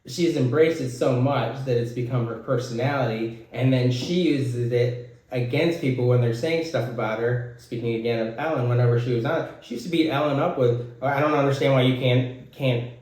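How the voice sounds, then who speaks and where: American man, mid-pitched, rambling, very echoey room. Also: brisk, darkish tone. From United States. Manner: rambling, self-correcting, many fillers. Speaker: podcast co-host. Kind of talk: casual chat.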